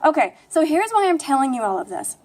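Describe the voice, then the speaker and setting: A young woman with a flat American accent, chatting casually to camera in a rambling, self-deprecating way. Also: high voice, a little fast. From United States. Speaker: language vlogger. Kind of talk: casual talking-to-camera vlog.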